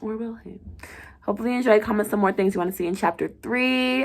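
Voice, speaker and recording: A woman's voice: mid-range voice, quick pace. A young woman casually reading her own story aloud, chatty and slangy and dropping into whispers at times. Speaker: story writer and reader.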